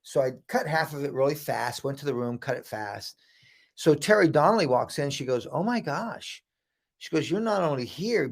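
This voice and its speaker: A middle-aged American man, appearing as a guest in a storytelling interview, tells an animated story and acts out the voices of the people in it. His voice is mid-range and gravelly.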